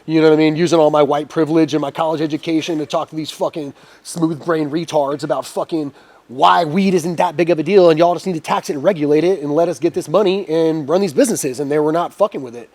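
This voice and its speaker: A middle-aged man with a somewhat high voice tells his story as a podcast guest in casual, animated talk. He swears constantly and slips into other people's voices as he recounts events. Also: fast. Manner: profane, animated, acts out quotes.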